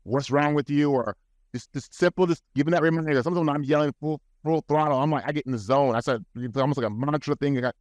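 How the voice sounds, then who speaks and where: A man's voice: fairly high pitch, fast talker, no room sound, clean studio sound. Earnest man giving advice on a podcast. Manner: earnest, advising, many restarts. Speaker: podcast guest. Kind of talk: casual podcast talk. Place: studio.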